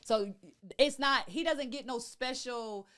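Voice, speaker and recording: A woman's voice: high-pitched, takes it slowly, fairly bright tone, clean tone. A woman co-hosting a podcast, arguing her point in casual chat and often cutting in. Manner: interrupting, argumentative, laughs often. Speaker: podcast co-host.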